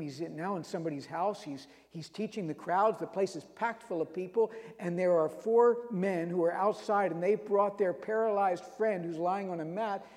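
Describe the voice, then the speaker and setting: A man's voice: high-pitched, warm tone, big-room sound. A man preaching a sermon, retelling scripture stories with emphasis and reading verses aloud.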